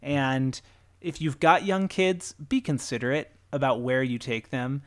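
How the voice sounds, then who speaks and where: A man in his thirties co-hosting a casual chat, animated and emphatic, his pitch swinging up sharply. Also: a little slow. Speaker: podcast co-host.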